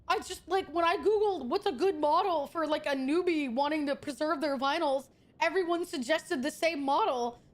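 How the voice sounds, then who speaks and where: A woman streamer chatting casually with her viewers, excitable and swearing a lot, with loud outbursts. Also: very high-pitched. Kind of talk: casual live-stream chat.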